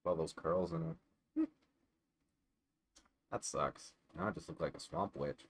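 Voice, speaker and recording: A man's voice: sits low, very animated, slow pace, breathy edge. A man chatting casually in a vlog at home, digressive and profane, with self-deprecating asides. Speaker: vlogger. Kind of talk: casual rambling vlog chat.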